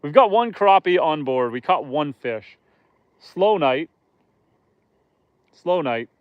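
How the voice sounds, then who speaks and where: Chatty, clear-voiced man on a lake. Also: a little high, no room sound. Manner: chatty, self-deprecating, joking. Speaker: live-stream host. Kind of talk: casual live-stream chat, reading viewer comments. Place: outdoors on a lake, in a boat.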